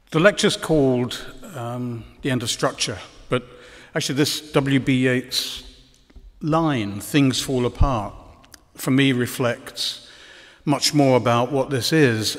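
A man's voice: medium pitch, a bit bright. A man giving a conference lecture, hesitant with many ums and dry ironic asides. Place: lecture hall. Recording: long hall reverb.

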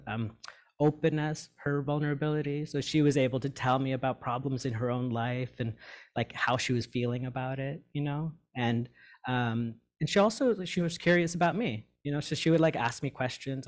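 A man speaks openly to his meditation group about his own path, in a candid, halting way. He loops through fillers and restarts, and his voice sits at an ordinary middle pitch for a man. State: tearing up. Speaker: sangha member sharing his story. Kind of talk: personal talk to a meditation group.

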